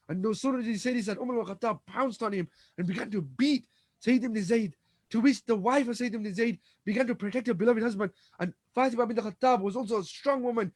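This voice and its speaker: Fast, high-voiced man telling a religious story. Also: darkish tone, no room sound. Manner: dramatic retelling, acts out quoted dialogue; frequent restarts and repeated words. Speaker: Islamic lecturer.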